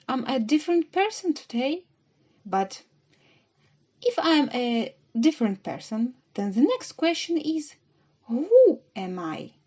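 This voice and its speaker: A woman's voice: sits high, a little mellow, highs cut off, exaggerated voice. A woman reading the part of Alice, a curious, fretful young girl who exclaims and wonders aloud.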